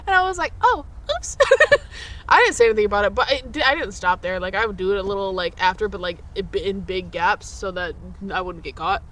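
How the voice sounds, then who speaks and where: A young woman co-hosting a podcast, telling childhood stories in casual chat, swearing freely and jumping up in pitch when she quotes people. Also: quick pace, hardly any pauses, fairly bright tone. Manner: swearing, laughing, jumps high for quoted voices. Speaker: podcast co-host.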